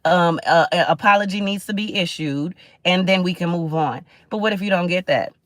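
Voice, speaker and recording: With a mid-range voice at a moderate pace and no echo in the audio, this Caribbean-born host leads a livestream motivational talk. The tone is conversational but sermon-like, punctuated by check-ins with the audience and replies to viewer comments.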